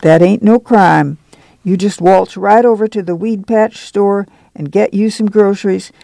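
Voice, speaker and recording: A stern, commanding camp-leader woman with a rough, gravelly edge and a dark, dry tone, as a reader puts her on in a storybook reading. She scolds in a slow rural drawl, raised a little above the reader's own voice. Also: medium pitch, dry recording, voice pushed up. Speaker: reader doing character voices. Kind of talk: audiobook reading.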